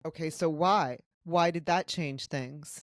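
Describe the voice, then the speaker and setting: A woman's voice: low-pitched, slow, no echo, studio quality. A woman hosting a podcast, interviewing her guest in a friendly, encouraging way with lots of affirmations. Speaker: podcast host. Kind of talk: casual interview chat.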